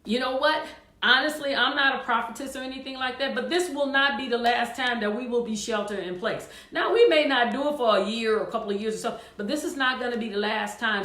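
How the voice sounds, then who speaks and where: A woman's voice: a little high, fairly bright tone, roomy sound. A woman choir director hosting her show, talking casually and encouragingly to viewers, with frequent fillers.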